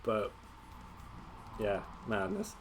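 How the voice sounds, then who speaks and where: A man hosting a casual chat show, easygoing and quick to laugh. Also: lowish voice, sing-song, soft background music.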